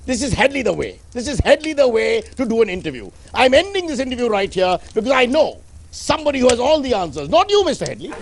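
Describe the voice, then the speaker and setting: A man hosting a comedy sketch as a loud, bombastic TV debate anchor, hammering his points with repetition. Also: very high-pitched, very animated, quick pace, gravelly. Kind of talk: parody of a shouting TV debate anchor.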